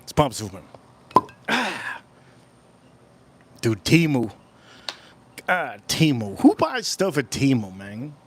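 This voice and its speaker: A man's voice: medium pitch, big pitch swings, slow, long pauses, a little hiss or hum. A man hosting a casual livestream, rambling and repeating his phrases as he chats with viewers at home. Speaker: livestream host.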